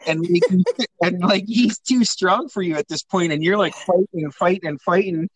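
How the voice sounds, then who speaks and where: A young adult man tells rowdy family stories with a fairly high voice, swearing freely and breaking into laughter. The sound is dry and close, with no room echo. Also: normal speed. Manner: laughing, profane storytelling. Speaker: podcast host. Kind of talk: casual family storytelling.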